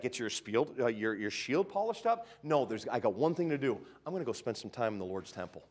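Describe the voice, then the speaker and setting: A middle-aged man preaching a sermon in a church, conversational, swinging between loud pronouncements and muttered asides and acting out mocking quoted voices. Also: medium pitch, sing-song, brisk, few pauses. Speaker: pastor. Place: church sanctuary.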